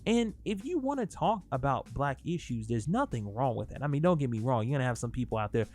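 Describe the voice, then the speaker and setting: A young man talking casually in a music review vlog, animated and profane as he rants. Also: mid-range voice, a little fast. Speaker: album reviewer.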